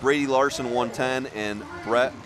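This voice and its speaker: A man's voice: medium pitch, steady tone, measured pace, noisy background. A man announcing a demolition derby live, calling drivers and chatting with jokes and laughter. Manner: chatty, joking, laughs often. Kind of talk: live play-by-play commentary.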